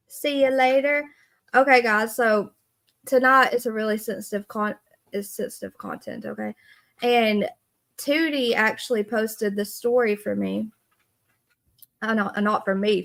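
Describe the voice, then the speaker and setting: A woman's voice: on the high side, fairly bright tone. A woman, hosting a casual live stream and earnestly greeting viewers by name. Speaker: livestream host.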